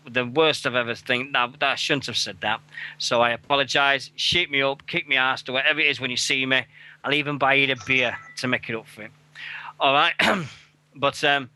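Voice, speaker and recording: British male radio host on a headset, loose and rambling with frequent swearing, sharp bright tone. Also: medium pitch, clear, resonant tone, no room sound. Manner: rambling, swears, laughs often. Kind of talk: casual radio show chat.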